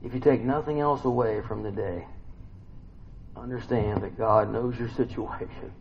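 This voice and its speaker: A man's voice: mid-range voice, fairly even intonation, normal speed. Man preaching in a casual, questioning way. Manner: conversational, asks the listeners many questions; swings from soft murmurs to loud bursts. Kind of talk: informal sermon to a small group. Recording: slightly dull recording with faint noise.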